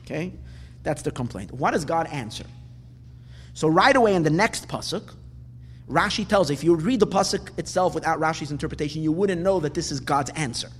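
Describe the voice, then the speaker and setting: A man teaching a Torah class in an animated way, repeating words for emphasis and asking rhetorical questions. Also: on the high side, fairly quick, slightly rough. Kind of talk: lecturing on weekly Torah portion. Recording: long hall reverb, faint background noise.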